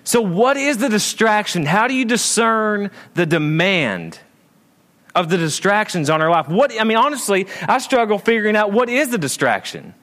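A male pastor preaching a sermon in a church, swinging between raised emphatic lines and low, quiet asides. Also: sing-song, moderate pace.

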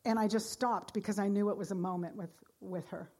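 A woman's voice: medium pitch, fairly even intonation, brisk, a little hiss or hum. Earnest woman preaching a sermon. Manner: earnest, swings from loud exhortation to hushed storytelling. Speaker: pastor.

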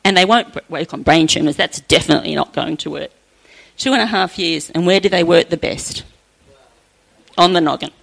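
A middle-aged woman sharing an earnest personal faith testimony at church, chatty and often laughing softly. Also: fairly low pitch, a little fast, vocal fry, low-quality recording.

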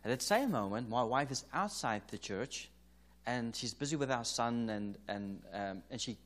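South African male preacher, storyteller, acts out dialogue, mid-pitched voice. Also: animated, moderate pace. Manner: anecdotal, re-enacts dialogue, chuckles often. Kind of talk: conference sermon, storytelling. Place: church or conference hall.

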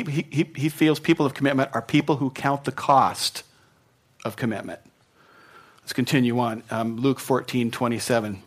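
A male pastor delivering a sermon in a relaxed, conversational manner. He stumbles over and repeats words and keeps checking in with the congregation. His voice sits at an ordinary middle pitch.

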